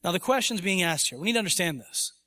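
A man's voice: high-pitched, lively intonation, quick pace, bright, forceful tone, long reverb tail. A man preaching a sermon in church as pastor, emphatic and rising to voice imagined objections. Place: church sanctuary.

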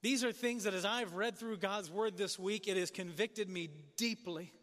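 A man preaching a sermon as pastor, earnest and questioning, often dropping soft and low for emphasis. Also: normal speed, in a large hall.

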